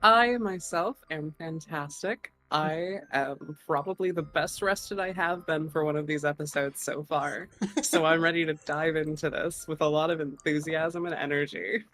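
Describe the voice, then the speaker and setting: A woman's voice: deep voice, moderate pace, a bit bright, faint music behind. A woman co-hosting a livestream in casual chat, cracking dry jokes in an upbeat way. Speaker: streamer co-host.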